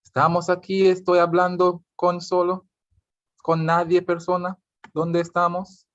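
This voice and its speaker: A man's voice: high-pitched, completely flat delivery, normal speed, a bit bright, no echo, lo-fi sound. A man with a Jamaican accent tutoring an online Spanish revision class, switching between English and Spanish and quizzing his students.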